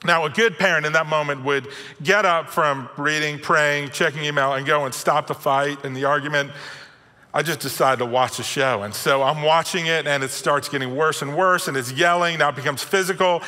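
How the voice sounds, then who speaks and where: Middle-aged male pastor, bright and slightly high, chatty self-mocking sermon, long hall reverb. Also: steady tone, normal speed. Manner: conversational, self-deprecating storytelling. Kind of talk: sermon with personal stories.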